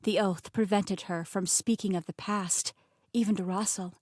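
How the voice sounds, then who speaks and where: A woman narrating a fantasy romance audiobook in an expressive, scripted style, recorded close and dry. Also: medium pitch, normal speed, no echo. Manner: expressive, voices the characters.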